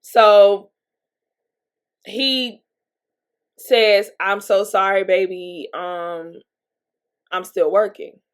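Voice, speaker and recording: A woman's voice: medium pitch, steady tone, drawn-out words, long pauses, clear, resonant tone. A woman vlogger telling a personal story in a candid, chatty way, laughing between lines and sniffling from allergies, with a Southern US accent. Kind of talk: casual storytelling monologue.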